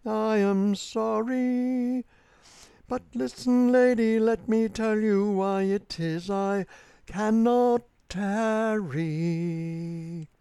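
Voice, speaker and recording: A reader voicing Merlin, a tender male wizard, murmuring softly in a recited verse tale. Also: medium pitch, fairly even intonation, drawn-out words, gravelly, clean tone, dry recording. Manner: soft, murmuring, pleading.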